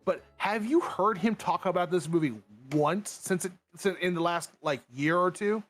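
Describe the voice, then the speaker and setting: A man's voice: high-pitched, normal speed. A young man hosting a livestream, chatting casually with friends and giving his opinions. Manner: animated, opinionated, jumps into mock voices. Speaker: streamer host. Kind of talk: casual chat.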